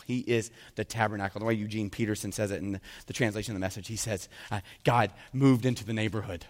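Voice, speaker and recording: A man preaching a sermon, swinging from hushed passages to loud, fervent peaks. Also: fairly low pitch, fairly even intonation, fast talker, few pauses. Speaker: pastor. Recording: long reverb of a large hall.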